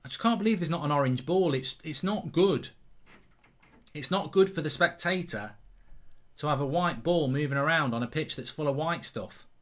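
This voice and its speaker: A man in his thirties hosts a live football watchalong, chatting through viewer messages between bursts of match commentary. His voice sits a little high and sounds bright and forceful. He gets loud and excitable whenever something big happens on the pitch. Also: moderate pace. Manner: excitable, reads viewer messages aloud, rises sharply in big moments.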